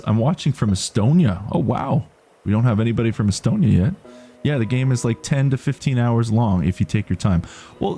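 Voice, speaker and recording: A man's voice: fairly low pitch, dark tone. A man streaming a game live, chatting casually and reading out viewer messages. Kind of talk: casual gaming commentary.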